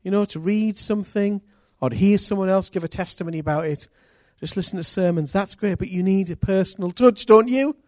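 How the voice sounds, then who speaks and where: A man preaching a sermon as pastor, earnest and intimate, with sudden loud rises. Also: high-pitched, brisk, hardly any pauses, no echo, clean studio sound.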